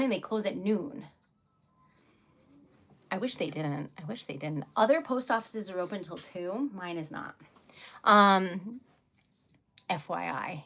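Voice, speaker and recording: Bright-voiced giggly woman host. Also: mid-range voice. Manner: giggly, chatty, apologetic. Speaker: typewriter shop owner and stream host. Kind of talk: casual livestream chat.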